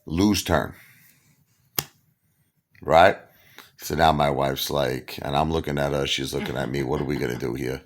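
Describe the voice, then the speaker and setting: Gravelly, deep New storyteller. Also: male voice, measured pace, long pauses. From Brooklyn, New York. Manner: animated, acts out the dialogue himself. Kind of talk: casual anecdote told to camera.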